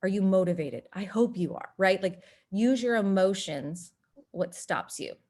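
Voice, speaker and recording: A woman from North Texas, presenting an online workshop and acting out quotes in lively voices. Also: a little slow. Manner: animated, acts out quoted voices with big pitch jumps.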